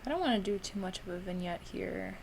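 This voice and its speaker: A woman's voice: medium pitch, lively intonation, fast talker, vocal fry, a little hiss or hum. A tired young woman chats with her stream while editing photos at her desk. She giggles often and drifts into a Valley Girl lilt, filling her talk with "like.".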